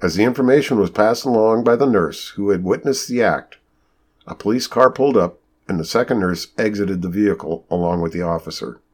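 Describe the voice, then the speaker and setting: A man's voice: a little fast, slightly rough. A man reading a novel aloud as narrator, lifting his voice for the characters' lines. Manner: lively storytelling, raises pitch for quoted characters. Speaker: audiobook narrator. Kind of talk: scripted narration.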